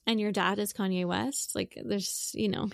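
Woman, 30s, casual podcast co-host; talkative, filler-heavy delivery, mid pitch, dry close-miked sound. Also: steady tone, normal speed, creaky, dry recording. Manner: chatty, lots of filler words. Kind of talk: casual chat.

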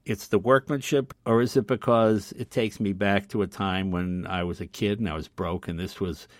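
An older man telling casual stories as a podcast guest, acting out the other voices with loud shouts. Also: on the low side, normal speed, no echo. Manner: animated storyteller, acts out voices loudly. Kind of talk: casual storytelling.

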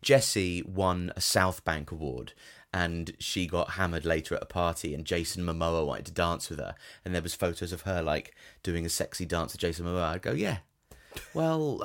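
Low-voiced man, wry podcast co-host. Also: normal speed. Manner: wry, argumentative, builds rants. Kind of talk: casual comedic chat.

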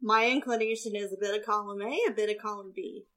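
A woman co-hosting a podcast, chatting in a lively way about a theatre production. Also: mid-range voice. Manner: lively, chatty, quick to act out quotes. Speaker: podcast co-host. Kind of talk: casual theatre discussion.

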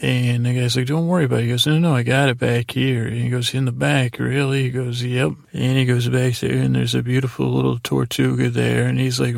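A man's voice: medium pitch, level tone, brisk, creaky, hardly any pauses, a little mellow, no room sound, studio quality. A man hosting a sleep podcast, loosely retelling TV scenes in a meandering bedtime ramble.

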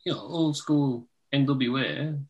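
A man's voice: mid-range voice, animated, unhurried. A man co-hosting a casual wrestling podcast chat, rambling and laughing often. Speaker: podcast co-host.

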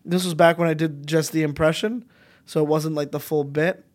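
A comedian from Montreal chatting as a podcast guest, telling animated, rambling stories with lots of restarts. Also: male voice, on the high side, normal speed. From Montreal, Canada. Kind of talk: casual podcast chat.

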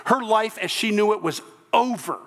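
Pastor guy preaching, high bright voice, big echoey church hall, cracks jokes as he goes. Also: moderate pace. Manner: animated, joking asides while preaching. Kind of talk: sermon.

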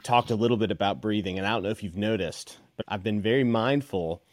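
A man hosting a podcast, chatting in a relaxed, conversational way with many fillers. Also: fairly low pitch, fast, no room sound, studio quality. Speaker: podcast host. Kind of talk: casual interview chat.

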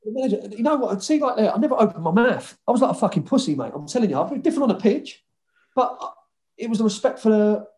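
In a casual interview, an ex-footballer recounts stories fast in a high voice, cursing freely and animatedly replaying exchanges with quoted lines.

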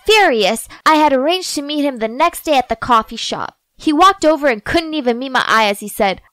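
High, expressive woman narrating a drama. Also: fairly quick, no room sound. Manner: dramatic, expressive, with sarcastic asides. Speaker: storyteller. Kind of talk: first-person scripted story narration.

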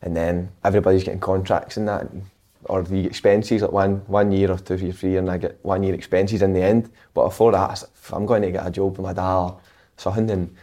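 Scottish young man, lowish voice, fast. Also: little pitch movement, mellow. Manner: chatty storytelling, laughs often. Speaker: guest footballer. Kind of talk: casual chat.

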